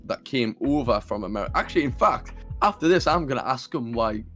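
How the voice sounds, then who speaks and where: A man's voice: mid-range voice, expressive, fast, fairly bright tone, soft background music. Chatty Geordie man, swearing freely. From North East England. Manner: rambling, swears freely, many fillers and restarts. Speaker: podcast co-host. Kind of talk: casual chat.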